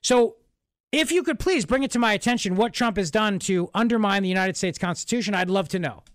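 A man's voice: high voice, brisk, dry recording. A man hosting a political talk radio show, speaking in an emphatic, repetitive, sarcastic monologue from a radio studio. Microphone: studio microphone.

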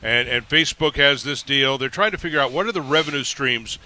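A man's voice: medium pitch, sharp tone. A man hosting a live sports radio show, upbeat and steering the conversation. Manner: quick, upbeat host who steers the conversation. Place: live remote broadcast at a racetrack. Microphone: broadcast microphone.

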